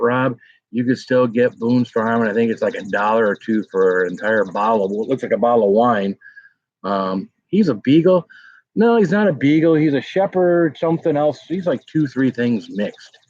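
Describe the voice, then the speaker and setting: A man's voice: on the low side, no echo. Middle aged guy rambling on his home livestream, lots of ums, dry dull mic. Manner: chatty, rambling, with many fillers. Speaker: livestream host. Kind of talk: casual live-stream chat, reading viewer comments.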